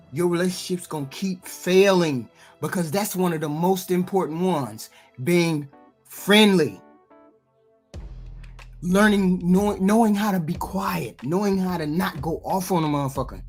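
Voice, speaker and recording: A woman's voice: lowish voice, animated, a little slow, a little mellow, husky, faint music behind. A woman giving blunt, profane reaction commentary on dating, lecturing her audience. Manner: blunt, lecturing, heavy swearing.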